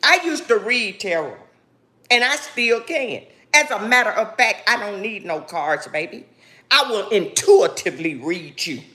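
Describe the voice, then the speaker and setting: A woman's voice: medium pitch, lively intonation, measured pace, pushed and bright. Defiant, grieving woman vlogging. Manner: defiant and preachy, keeps calling listeners "baby"; grieving and angry. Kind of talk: emotional direct-to-camera monologue.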